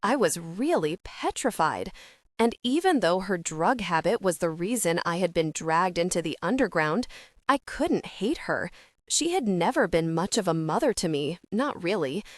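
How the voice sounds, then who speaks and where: Woman reading an audiobook, first person, steady and earnest, dry close mic. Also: lowish voice, normal speed, no echo. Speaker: audiobook narrator.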